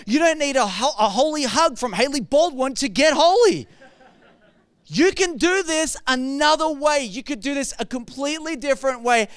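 A man preaching a lively sermon, animated and joking, repeating words for effect. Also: very high-pitched, clean tone, no echo, studio quality.

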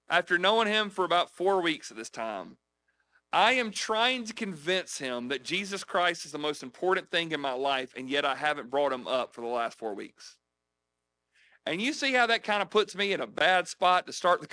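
A man's voice: sits high, lively intonation, normal speed, sharp tone. A man from South Carolina, preaching in a chatty style, telling personal stories and checking in with the audience. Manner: chatty, frequent "right? okay?" check-ins with listeners. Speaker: preacher teaching on evangelism. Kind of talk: conversational sermon with personal stories.

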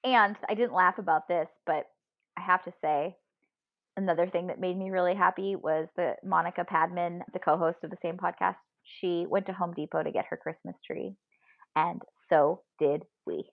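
A podcast co-host with a lowish, creaky voice tells animated stories at normal speed, laughing often throughout a casual conversation full of laughter. Her voice comes through dry and phone-like.

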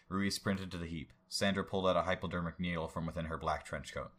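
A man reading a story aloud in an unhurried way, with asides about the text. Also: sits low, fairly even intonation, bright, forceful tone.

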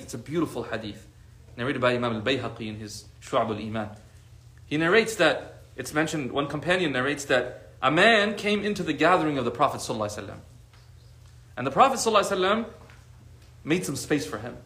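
A man teaches a gathering in a chatty, animated sermon, his fairly high voice leaping around in pitch. He brings in everyday characters by playing their lines himself. The room gives his voice a clear echo. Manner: animated, conversational, acts out quoted friends. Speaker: religious teacher. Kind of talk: lively sermon to a live group.

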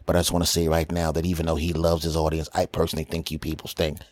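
A very deep, gruff male impressionist played by a man in a comedy podcast sketch, surly and dismissive. He grumbles insults with no interest in pleasing anyone. The recording is close and dry. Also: completely flat delivery, fast talker, a little mellow, dry recording. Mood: grumbling.

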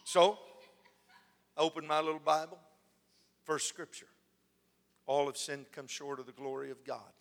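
A man preaching a sermon, telling a story with lively delivery and acting out the lines of the people in it. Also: on the high side, unhurried, vocal fry, pauses often. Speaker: pastor. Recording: long hall reverb.

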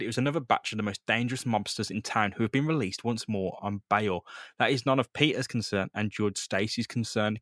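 A man's voice: on the low side, no room sound, clean studio sound. Man retelling a comic with jokes. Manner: narrates plot with crude jokes, laughs often. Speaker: podcast co-host. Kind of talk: comic book read-through chat.

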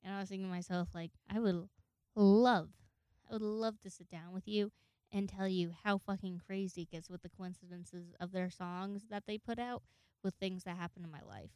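A woman's voice: mid-range voice, fairly even intonation, fairly quick, darkish tone, clear, resonant tone, dry recording. A young woman casually telling stories to her viewers, chatty and profane, laughing often. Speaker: vlogger. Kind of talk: casual storytelling to camera.

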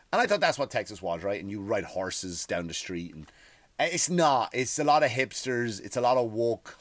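A man's voice: fairly low pitch, dry recording. Profane rambling male comedian, dry sound. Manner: profane, rambling, acts out voices. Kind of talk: casual podcast monologue.

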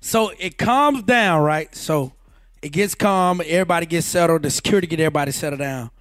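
High-voiced storytelling man, dry sound. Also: fairly quick, dry recording. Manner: acts out quotes, shouting and laughing. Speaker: radio personality telling a story. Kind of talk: animated storytelling.

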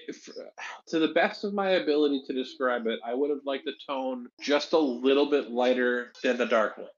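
A podcast co-host with a mid-range male voice keeps things easygoing but hesitant on a casual show, often restarting his sentences. The audio sounds dull.

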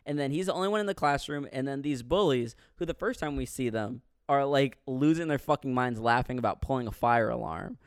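A man in casual podcast chat, retelling a movie scene by scene and acting out the characters with sudden loud, swearing outbursts. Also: medium pitch, brisk, hardly any pauses, clean tone, dry recording, clean studio sound. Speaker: podcast co-host reviewing a movie.

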